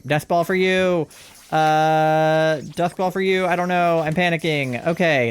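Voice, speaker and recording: A young adult man chatting through a live game stream, rambling when calm and then panicked and swearing with excitement. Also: a little high, moderate pace, smooth.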